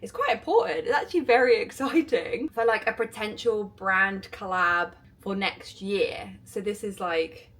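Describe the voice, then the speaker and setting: Excitable giggly woman vlogging. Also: medium pitch, measured pace, few pauses. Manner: excitable, giggly, rambling with many "like"s. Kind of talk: casual vlog chat to camera. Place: indoors at home, getting ready. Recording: echoey room.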